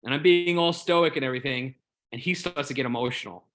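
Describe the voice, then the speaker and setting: Guy telling a story, bright forceful voice, keeps restarting words, earnest and emotional. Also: medium pitch, fast. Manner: rambling, repeats words while searching for them. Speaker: Jedi community member. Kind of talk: casual group discussion.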